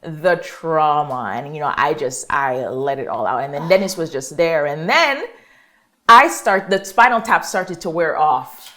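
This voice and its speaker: A woman's voice: low voice, moderate pace. A young woman, a guest on an interview show, telling a personal story and acting out what people said. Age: young adult. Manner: animated storytelling, acts out quoted speech.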